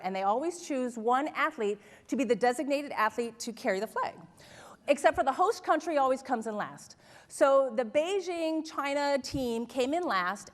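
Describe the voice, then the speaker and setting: High-voiced woman giving an animated keynote. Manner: animated storytelling with laughs and audience questions. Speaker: motivational speaker. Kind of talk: keynote speech to a live audience. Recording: large hall with long reverb.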